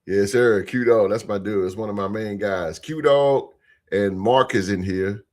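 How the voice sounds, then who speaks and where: A man hosting a sports podcast live, chatting casually with his live chat in a relaxed, repetitive way, speaking. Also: fairly low pitch, measured pace. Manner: laid-back, repeats phrases, shouts out chat members.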